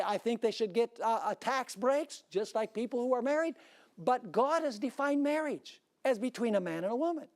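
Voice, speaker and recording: A man's voice: high voice, a little mellow. A male pastor preaching a sermon emphatically, throwing rhetorical questions at his congregation.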